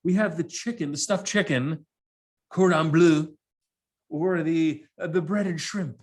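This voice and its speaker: A prim female flight attendant who speaks with stiff, formal courtesy, as a male speaker imitates her in a story. Her voice rides high above his usual pitch, with a tidy, service-counter politeness. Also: a little slow. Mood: courteous.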